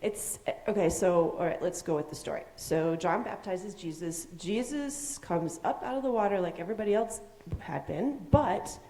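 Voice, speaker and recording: A woman's voice: on the low side, normal speed, hardly any pauses. A woman giving a children's sermon in church, telling a story to kids with questions and acted-out voices. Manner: animated, asks questions, acts out voices. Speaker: children's message leader. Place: church sanctuary. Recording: echoey sanctuary.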